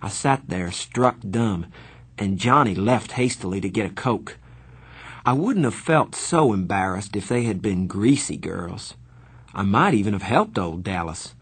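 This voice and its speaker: Low-voiced man narrating a novel. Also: lively intonation, unhurried, husky. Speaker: audiobook narrator. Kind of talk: first-person novel narration.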